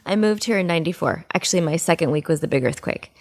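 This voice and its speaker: Easygoing woman from Canada, lowish voice. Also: lively intonation, fast. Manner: laughs often, easygoing. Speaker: guest, voice actress. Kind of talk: casual interview chat.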